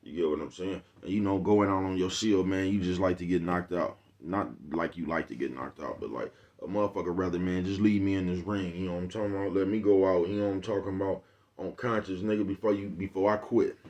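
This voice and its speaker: A man's voice: deep voice, steady tone, fast, darkish tone. A man hosting his own vlog, giving a loose, profane motivational monologue full of street slang and repeated check-ins with his listeners. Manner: rambling, profane, streetwise slang, keeps asking "you know what I'm talking about". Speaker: vlogger host.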